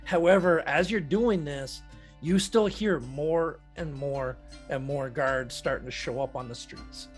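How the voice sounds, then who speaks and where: A man narrating a tabletop game as dungeon master, describing scenes in a steady, measured way. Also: a little high, faint music behind.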